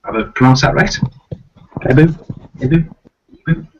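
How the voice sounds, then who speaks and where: A man's voice: on the high side, fairly even intonation, moderate pace, background noise. A man with a light Liverpool accent hosting a casual live-stream chat. He rambles, with many fillers and restarts. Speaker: host of a live video chat. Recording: muffled, distant, lo-fi stream audio.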